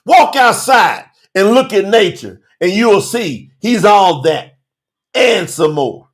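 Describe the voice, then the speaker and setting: Brief: male Bible-study host, high and swooping voice, slow deliberate emphatic preaching, slangy. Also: lively intonation. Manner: emphatic, preachy, rhetorical questions; casual slangy street talk. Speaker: Bible teacher and podcast host. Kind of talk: livestreamed Bible study sermon.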